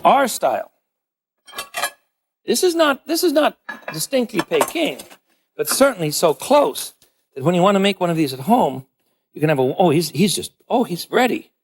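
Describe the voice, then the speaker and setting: A man's voice: high-pitched, big pitch swings, normal speed, pauses often, a little hiss or hum. A man hosting a televised cooking demonstration, chatty and playful, talking straight to the viewer as he works. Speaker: cooking show host.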